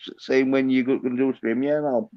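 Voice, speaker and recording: A man's voice: medium pitch, steady tone, fast, smooth, muffled recording. An Englishman with a Yorkshire accent chatting casually as a channel host, laid-back, swearing freely and repeating "yeah, yeah". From England. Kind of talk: casual chat on a stream.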